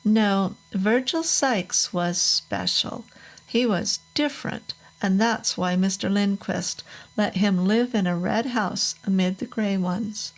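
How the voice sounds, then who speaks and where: A woman reading a first-person horror story aloud in a measured, unhurried storytelling manner. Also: medium pitch, poor audio. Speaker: narrator. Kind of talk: scripted horror story narration.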